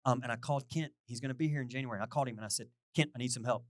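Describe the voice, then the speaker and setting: A middle-aged male pastor giving a chatty, animated sermon, poking fun at himself and acting out little conversations. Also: medium pitch, racing, dry recording, studio quality. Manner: animated, self-deprecating, quotes people in lively voices.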